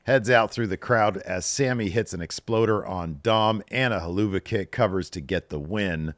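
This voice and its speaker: A man co-hosting a casual wrestling recap show, retelling backstage scenes with lively storytelling. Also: fairly low pitch, normal speed, dry recording, studio quality. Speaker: podcast co-host.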